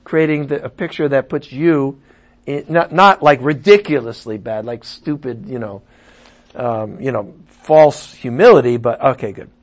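A man preaching a sermon, animated, swinging from loud emphasis to muttered asides. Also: mid-range voice, unhurried.

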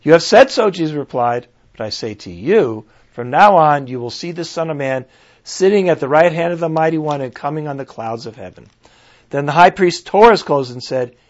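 A man preaching a sermon, reading scripture aloud and reflecting earnestly with pauses and restarts. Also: fairly high pitch. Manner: earnest, pausing, restarts and fillers while reflecting. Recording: dull lo-fi recording.

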